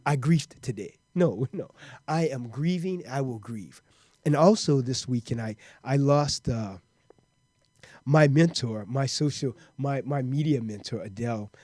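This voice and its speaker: A man's voice: mid-range voice, dark tone, no echo, studio quality. A man hosting his own podcast, talking earnestly and often repeating words as he goes. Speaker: podcast host. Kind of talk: casual monologue.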